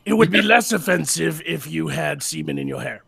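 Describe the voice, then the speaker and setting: A man telling crude jokes deadpan in a group voice chat. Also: fairly high pitch, normal speed, vocal fry, a loud crowd. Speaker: stream chat participant.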